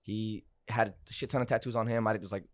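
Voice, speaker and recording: A man's voice: fairly low pitch, steady tone, brisk, dry recording, studio quality. A young man, a car salesman and podcast guest, telling a story in loose, profane casual chat. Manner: loose, profane, lots of fillers like "like" and "bro".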